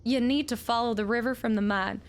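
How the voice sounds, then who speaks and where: A woman voicing a bitter, grieving old woman, reading her letters slowly in a folksy drawl. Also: fairly high pitch, fairly even intonation, lightly acted. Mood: ominous. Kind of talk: reading game letters aloud in character.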